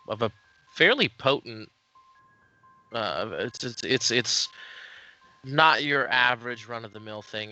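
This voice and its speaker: A man narrating a tabletop game as game master, unhurried and full of fillers. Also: lowish voice, sharp tone.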